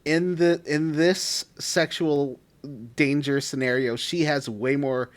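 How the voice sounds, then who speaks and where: A man's voice: fairly high pitch, steady tone, slow pace. A man co-hosting a casual gaming podcast, rambling with lots of "like" and restarts. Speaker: podcast co-host.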